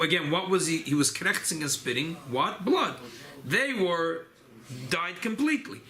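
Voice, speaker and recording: Animated rabbi teaching a lively class. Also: male voice. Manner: animated, rising pitch on emphasis, Yiddish and Hebrew terms mixed in. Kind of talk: informal Torah class.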